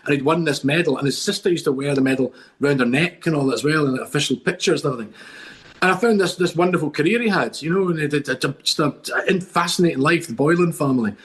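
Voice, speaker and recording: A man's voice: a little high, fast, a bit bright. Enthusiastic Scottish man telling stories. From Scotland. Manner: enthusiastic rambling storyteller with many restarts. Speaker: guest. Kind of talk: casual podcast chat.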